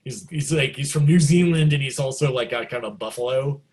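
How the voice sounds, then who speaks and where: Middle-aged male musician guest, casual storyteller, chatty and animated, average pitch. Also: brisk. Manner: animated, jumps into excited quoted reactions; loose and chatty, many likes and you knows.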